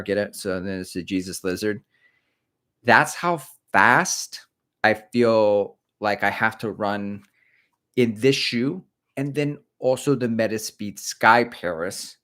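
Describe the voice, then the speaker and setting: A man's voice: fairly low pitch, fairly bright tone. A middle-aged man hosting a casual running livestream, rambling and self-mocking as he chats about shoes. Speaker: running channel host. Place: indoors, creaky chair.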